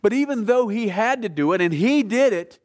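Male preacher, high voice, fervent and conversational, drops to a hush then builds up loud. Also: lively intonation, normal speed. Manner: passionate, swings between hushed and loud; conversational, asks the audience questions. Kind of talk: sermon.

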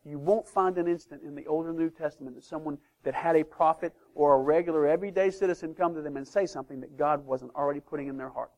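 Male pastor, sermon delivery, voice a bit high, emphatic with sudden hushed asides. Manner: emphatic, swings between loud declarations and hushed asides.

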